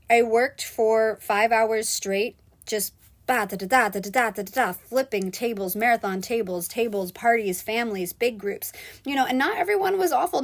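A woman and restaurant server, candidly telling a personal story in a vlog, swinging between loud frustration and hushed, quiet moments. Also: fairly high pitch.

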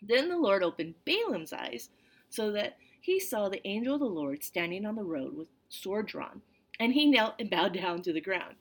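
A woman's voice: mid-range voice, moderate pace, breathy edge. Chatty woman teaching a Bible lesson. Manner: chatty, animated, full of "like" and "right?".

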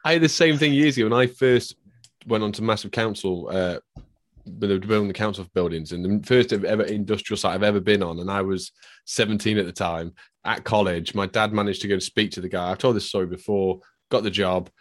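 A man recounts an anecdote in easy, unhurried casual chat. His voice sits fairly low. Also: steady tone.

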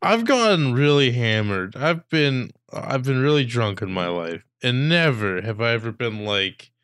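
A man's voice: medium pitch, lively intonation, moderate pace, a bit bright, clean tone, dry recording. A young man with a mid-range voice chats casually, reacting bluntly and swearing offhand. His voice sounds dry and close. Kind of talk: casual chat.

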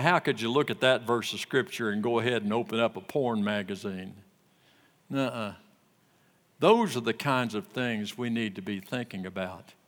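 An older male preacher delivers a sermon in a slow, unhurried drawl, leaning into folksy stories. His voice is bright and forward, and his lines ring out with a long reverb of a large hall. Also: fairly high pitch. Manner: slow, folksy storytelling with rising emphasis on quoted lines.

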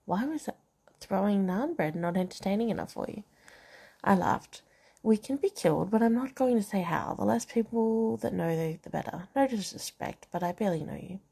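Brief: woman reading a romance novel aloud, gravelly, dark tone, chatty asides. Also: mid-range voice, lively intonation, moderate pace. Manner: reads dialogue and narration, breaks off to comment and laugh. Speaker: reader of a novel.

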